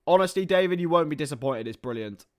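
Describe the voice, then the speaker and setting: A fast-talking young man with a fairly high-pitched voice hosts a live football watchalong. He combines play-by-play with chatty, wandering asides and gets excited when chances come.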